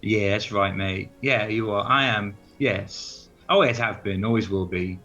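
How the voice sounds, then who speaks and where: A man's voice: on the low side, a little slow, sharp tone, pitched below the performer's own voice. Man doing a charming bard, coaxing, says mate a lot, slightly muffled sound, faint music behind. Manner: coaxing, calls people mate.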